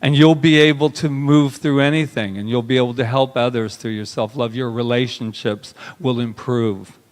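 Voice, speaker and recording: A male minister giving a sermon, talking intimately and emotionally, sliding from soft murmurs into raised bursts. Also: mid-range voice, steady tone, normal speed. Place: spiritual center sanctuary. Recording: long hall reverb.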